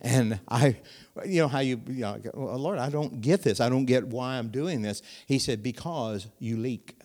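A middle-aged man preaching a sermon in a voice that sits in the middle of the male range. He talks to the congregation like a friend, asking them questions, then lifts his volume for emphasis and slows down on the key lines. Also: mid-range voice. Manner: animated preaching with rising volume and dramatic pauses; conversational, asks the audience questions.

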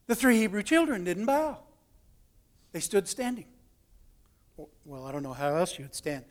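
Brief: male preacher, higher pitch, folksy storyteller, dramatic swings in loudness. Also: very animated, moderate pace. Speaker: pastor. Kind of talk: storytelling sermon.

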